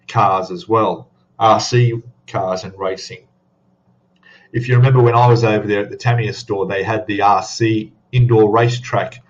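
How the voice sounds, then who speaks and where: A man's voice: on the low side, highs cut off. A man hosting a casual live stream, rambling chattily and greeting viewers by name. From Australia. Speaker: livestream host.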